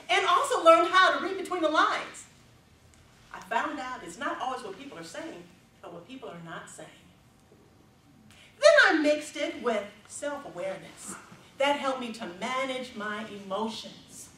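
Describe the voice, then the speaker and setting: A middle-aged woman giving a prepared contest speech on stage, telling a story expressively with dramatic pauses. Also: high-pitched, big pitch swings, bright, forceful tone, slight background noise. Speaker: contest speaker. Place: stage in a large hall. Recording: roomy hall from a distance.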